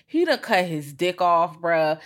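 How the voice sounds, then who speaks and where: A woman's voice: on the low side, very animated, measured pace. A woman co-hosting a podcast, chatting casually and profanely about a horror film and acting out her own reactions. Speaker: podcast co-host. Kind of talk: casual film review chat.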